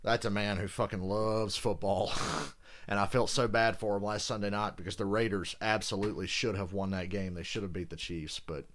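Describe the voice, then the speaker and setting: A man's voice: on the low side, fairly even intonation, normal speed, a bit bright. A man hosting a casual live reaction to a football game, chatty and swearing freely. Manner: chatty, swears casually, jokes about impressions. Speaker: reaction video host.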